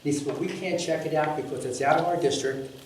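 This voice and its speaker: Man, public comment, blunt and exasperated, curses, slightly high voice, very echoey meeting room, picked up from a distance, faint background hiss. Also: fast. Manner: blunt and exasperated, swears, acts out dialogue. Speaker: resident giving public comment.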